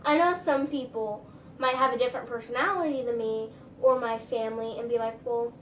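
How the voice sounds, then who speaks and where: A woman's voice: fairly high pitch, a little fast, echoey room, distant mic, dull audio, a little hiss or hum. A woman vlogger telling a casual storytime, rambling, with lots of "like" and "um". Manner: chatty, rambling, full of "like" and "um".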